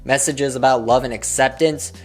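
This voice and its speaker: A man's voice: mid-range voice, steady tone, moderate pace, faint music behind. Mocking, profane male commentator. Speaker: commentary YouTuber. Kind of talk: sarcastic video commentary.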